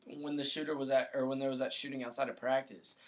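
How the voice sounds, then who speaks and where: A young man telling a relaxed, rambling story in a casual chat. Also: mid-range voice, fast talker, a loud crowd.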